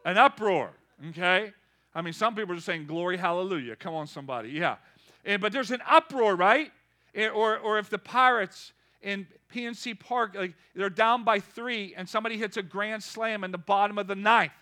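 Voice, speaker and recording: High, bright-voiced preaching man. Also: brisk. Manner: call-and-response preaching, building to shouts. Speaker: pastor. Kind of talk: sermon.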